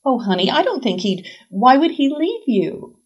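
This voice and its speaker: A woman voicing a brisk, wry woman who teaches writing, speaking bluntly. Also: mid-range voice, big pitch swings, a little mellow, husky, dull audio.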